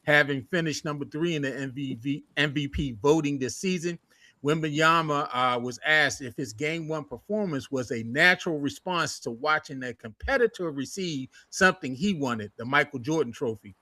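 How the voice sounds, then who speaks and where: A man co-hosting a casual sports talk show, animated and jokey, loose with slang. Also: on the high side, normal speed, dry recording.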